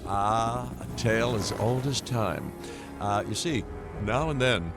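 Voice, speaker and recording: An actor playing a sardonic male consultant character in a video game, speaking with dry, drawn-out delivery. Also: on the low side. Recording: game audio with loud music. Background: game music.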